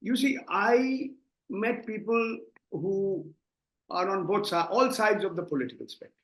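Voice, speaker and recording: A man's voice: high-pitched, a little slow, echoey room. A man with an Indian English accent, a political analyst giving impassioned interview commentary, emphatic and often repeating words as he starts a thought.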